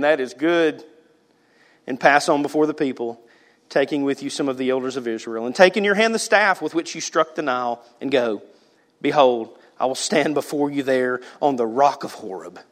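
A man preaching a sermon, swinging between loud, animated passages and hushed asides. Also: mid-range voice. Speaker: pastor.

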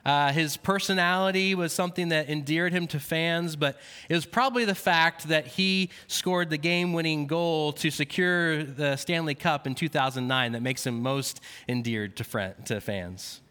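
A man's voice: a little high, normal speed, few pauses, pushed and bright, clear, resonant tone. A man preaching a sermon, telling a personal story with frequent fillers and then reading scripture aloud. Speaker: pastor. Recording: long hall reverb.

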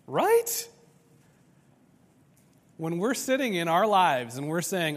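A man preaching a sermon in an animated, conversational way, often tagging lines with "right?" and acting out voices. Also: sits high, slow, pauses often, in a large hall. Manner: animated, conversational, acts out dialogue.

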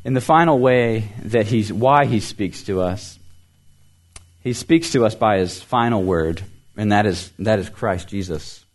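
A male pastor preaching with a somewhat low voice. He speaks earnestly, repeating words for emphasis. His voice lifts on key phrases and falls soft and quiet at the ends of thoughts. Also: unhurried. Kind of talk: sermon.

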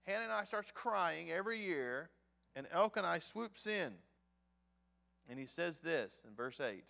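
A man's voice: on the high side, expressive, a little slow, vocal fry, sharp tone. A man preaching a sermon in a conversational, storytelling way, talking straight to the men in the room. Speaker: pastor. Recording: long hall reverb.

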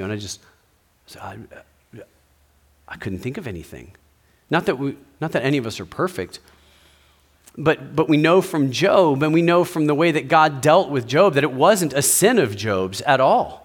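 A man's voice: on the high side, expressive, normal speed, long pauses, husky. A pastor giving a sermon, speaking in a conversational way and asking his listeners rhetorical questions.

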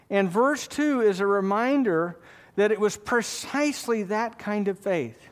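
A high-pitched man delivers a sermon at an unhurried pace. He preaches with emphasis, leaning on key words and calling for amens from the congregation in a church. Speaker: pastor.

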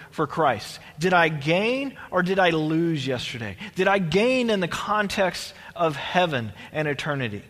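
Male pastor, conversational sermon with restarts and asides, high pitch, echoing church hall. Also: a bit bright.

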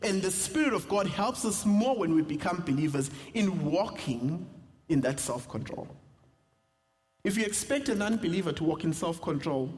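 A young South African man, a pastor, preaching a sermon with humor and personal stories. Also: fairly high pitch. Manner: storytelling with humor, animated asides. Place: church sanctuary. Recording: reverberant church hall.

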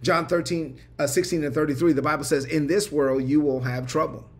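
A man's voice: on the high side, steady tone, brisk. A man preaching a livestreamed sermon with a repetitive, rhythmic cadence, calling on viewers to respond in the chat. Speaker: pastor. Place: online livestream.

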